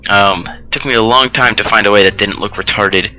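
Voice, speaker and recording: A man's voice: on the low side, brisk, sharp tone, soft background music, poor audio. A man hosting a let's play, giving loose, rambling gameplay commentary full of asides.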